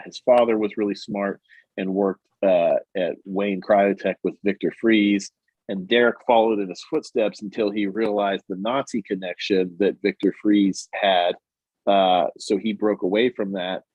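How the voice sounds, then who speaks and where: A man's voice: fairly low pitch, no room sound. A man co-hosting a podcast, casually recapping a comic and acting out the characters' lines. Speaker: podcast co-host. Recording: dull, muffled audio.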